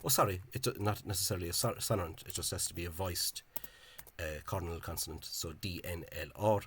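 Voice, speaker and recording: A man's voice: low voice, brisk, fairly bright tone, slight background noise. A man giving an informal, digressive explanation in a video, thinking aloud in a scholarly way. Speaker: Irish-language spelling enthusiast.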